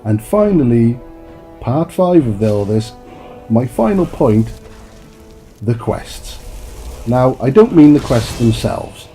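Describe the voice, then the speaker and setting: A man's voice: mid-range voice, sing-song, unhurried, warm tone, faint music behind. A man giving a profane, exasperated rant as a gaming commentator. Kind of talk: ranting game review.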